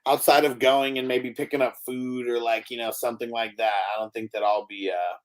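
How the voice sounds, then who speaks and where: A man's voice: medium pitch, level tone, fairly quick. A young man hosting a fantasy football live stream in loose, slangy chat, often breaking into coughs. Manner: laid-back, slangy, drifts into coughing fits. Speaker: fantasy football show host.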